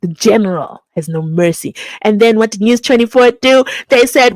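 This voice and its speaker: A woman's voice: on the high side, expressive, brisk, few pauses, darkish tone, dry recording. A woman hosting a channel, chatting casually and playfully while she reads out viewer comments. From South Africa. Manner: playful, teasing, laughs often.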